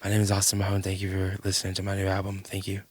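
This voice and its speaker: A man doing a quiet, low, deadpan impression of a laid-back young male pop singer. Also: very fast, background noise, close to an everyday voice.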